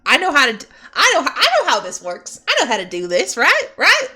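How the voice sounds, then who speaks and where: A woman's voice: sits high, wildly swooping pitch, a little fast, pushed and bright, pitched above the performer's own voice, exaggerated voice. A woman voicing an odd little boy who is eager and cocky, insisting he knows what he is doing. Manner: overeager, insistent.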